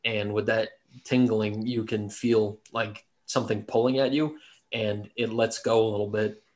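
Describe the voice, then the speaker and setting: A man's voice: on the low side, level tone, measured pace, darkish tone. A man narrating a tabletop game as game master, casual and swearing freely. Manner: casual, swearing, laughs easily.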